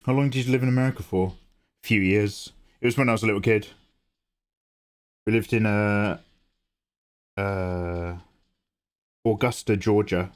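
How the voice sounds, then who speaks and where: A man's voice: on the low side, fairly even intonation, moderate pace, long pauses. A man, chatting casually to viewers during a livestream and rambling through his answers. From England. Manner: rambling, chatty, reads chat aloud and answers with laughs. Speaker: livestreaming artist.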